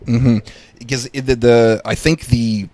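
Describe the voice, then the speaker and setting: A man's voice: mid-range voice, steady tone, a little slow, darkish tone, dry recording. A man hosting a podcast in casual chat, enthusiastic but hesitant, restarting his sentences a lot. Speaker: podcast host.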